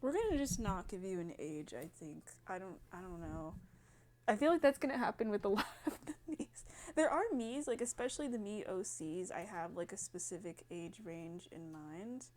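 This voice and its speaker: A woman's voice: medium pitch, normal speed, darkish tone. A woman giving casual gameplay commentary, thinking aloud and hesitating as she sets up a character. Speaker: gaming video creator.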